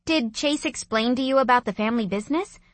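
A woman voicing a brisk, direct young woman who teases her brother in an audiobook story. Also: on the high side, no echo, pitched above the performer's own voice, lightly acted. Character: bossy, teasing young woman, sister figure.

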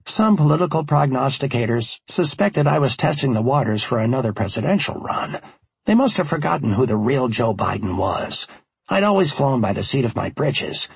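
A man narrating an audiobook in the first person, wry and measured, recorded in a studio. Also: mid-range voice, creaky, breathy edge, dry recording. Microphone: studio microphone.

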